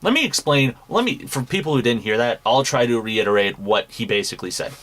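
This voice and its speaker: A man's voice: medium pitch, animated, a little fast, few pauses, a bit bright. A young man hosting a commentary show, ranting angrily with heavy swearing and mocking scorn. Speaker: commentary podcast host. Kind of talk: angry profane commentary.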